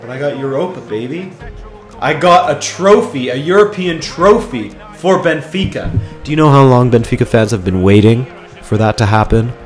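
Man, gaming commentary, excitable, hoarse voice, echoey room, faint music. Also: medium pitch, moderate pace. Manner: excitable, swings from mutters to shouts. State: losing his voice. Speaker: gaming YouTuber. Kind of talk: live game commentary.

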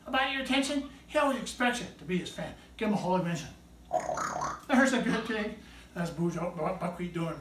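Animated woman showing off a pet bird. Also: medium pitch. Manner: animated, praises and coaxes the bird. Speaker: pet bird owner presenting tricks. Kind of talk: showman patter to a live audience. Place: indoor room with a pet bird. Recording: echoey room, mic at a distance, faint noise.

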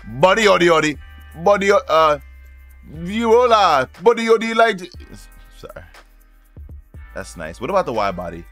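A man streaming a racing game, swearing freely and reacting loudly as he plays. His voice is bright and jumps all over in pitch. Faint music plays behind him. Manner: excitable, slangy and profane, talks to viewers. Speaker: gaming YouTuber. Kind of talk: casual racing-game commentary.

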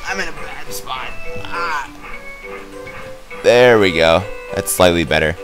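A man's voice: medium pitch, sing-song, slow. A young man giving casual, rambling commentary while playing a video game, joking and stumbling over his words with many fillers. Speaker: let's play gamer. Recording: game music playing behind.

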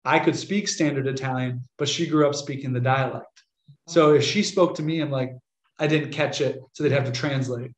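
A young American man, a Catholic priest, telling stories to an audience in a chatty, animated way and acting out the voices of people he quotes. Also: medium pitch. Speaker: Catholic priest giving a talk. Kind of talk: casual storytelling lecture. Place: room with an audience. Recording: echoey lecture room.

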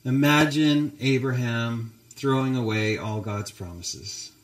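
A man's voice: medium pitch, slow pace. A male pastor preaching a sermon, telling a story and addressing the congregation directly. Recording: roomy church echo.

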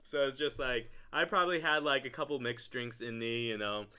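A young man co-hosting a podcast, telling a story in a casual, animated way, often breaking into loud laughing bursts and leaning on filler words. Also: mid-range voice, brisk, clean tone. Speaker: podcast co-host.

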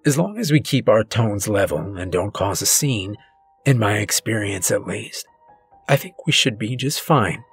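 A man voicing a weary, patient old male passenger on a train, speaking softly and quietly. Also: fairly low pitch, expressive, breathy edge, soft background music, full character voice. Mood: reflective. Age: older. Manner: soft, quiet, measured.

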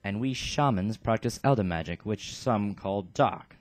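A man's voice: on the low side, measured pace, dry recording, close to an everyday voice. A man voicing a bookish male shaman with a British accent, speaking in a prim, chatty, fussy way. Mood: explaining. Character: bookish male shaman, polite and long-winded.

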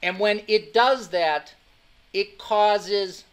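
This anatomy and physiology instructor has a high, slightly bright voice and speaks slowly with long pauses. In his classroom lecture he is emphatic, repeats key points, and keeps checking that his students are following.

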